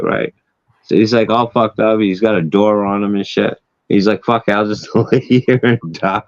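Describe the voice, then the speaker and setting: A man hosting a loose, casual chat, spinning a long story full of swearing and chuckling at his own punchlines. His voice sits on the low side. The recording is dry and a little dull and lo-fi. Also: a little mellow, dry recording. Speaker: host.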